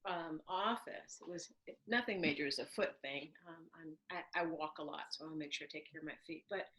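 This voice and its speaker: A woman hosting a conversation over a video call, telling personal stories in an animated, emphatic way. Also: low-pitched, fast talker, poor audio. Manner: animated storyteller, warm and emphatic. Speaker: host. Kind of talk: conversational interview.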